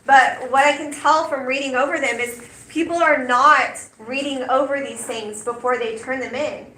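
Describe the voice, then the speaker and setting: A woman teacher, leading a class in a brisk, direct way and often checking in with "okay?". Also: high-pitched, steady tone, pushed and bright. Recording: roomy and noisy classroom, picked up from a distance.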